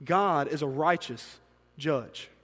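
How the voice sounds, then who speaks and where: A man delivers a sermon in a high, lifted voice. He swings from quiet, confiding asides to loud, emphatic peaks. His voice carries a long reverb through a large hall. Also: takes it slowly. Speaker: pastor.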